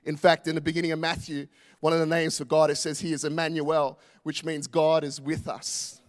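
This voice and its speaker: A man's voice: fairly high pitch, flat delivery, a little fast. A male pastor, preaching a passionate, emphatic sermon full of repetition.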